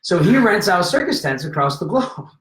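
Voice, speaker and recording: Casual male storyteller, animated, higher pitch, roomy podcast sound. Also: normal speed. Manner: animated, acts out voices in anecdotes. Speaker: podcast guest. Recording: roomy echo.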